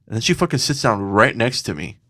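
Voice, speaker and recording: A man's voice: mid-range voice, sing-song, brisk, a bit bright. A man co-hosting a podcast, telling a story in casual chat, swearing a lot and acting out the voices of the people in it. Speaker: podcast co-host.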